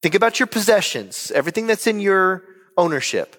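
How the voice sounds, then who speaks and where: A man in his thirties, a pastor preaching a sermon in an animated, conversational way. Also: sits high, brisk. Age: 30s. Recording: long reverb of a large hall.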